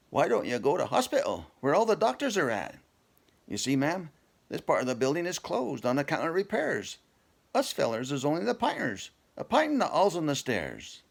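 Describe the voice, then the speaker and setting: A man's voice: fairly high pitch, creaky, voice pushed up, exaggerated voice. A man voicing an old house painter, dropping his h's. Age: older.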